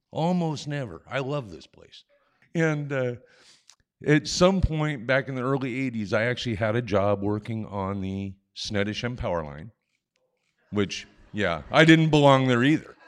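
Older male storyteller with a lower voice, animated and self-deprecating, chuckling through a story into a stage mic. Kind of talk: live personal storytelling. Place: on stage at a live event. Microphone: stage microphone.

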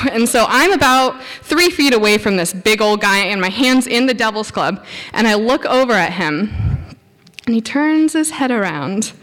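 A woman telling a personal anecdote to an audience, animated, acting out her own quoted thoughts and saying "like" often. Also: medium pitch. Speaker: storyteller. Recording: long hall reverb.

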